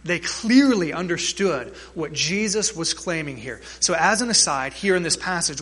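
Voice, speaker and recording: A man's voice: fairly high pitch, pushed and bright, slightly rough. A man preaching a sermon as pastor, emphatic and asking the congregation questions.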